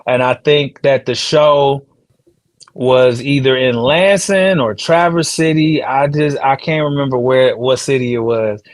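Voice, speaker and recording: A man in his thirties hosting a podcast, telling stories in a relaxed, slangy way with laughs between lines. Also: mid-range voice, measured pace. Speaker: podcast host and rapper. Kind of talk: casual storytelling chat.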